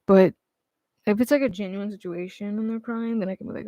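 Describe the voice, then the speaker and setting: Soft, rambling young man streaming. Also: high voice, fairly even intonation, a little fast, dry recording. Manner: rambling and hesitant, many fillers and restarts; casual swearing. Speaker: livestreamer. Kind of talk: casual livestream chat.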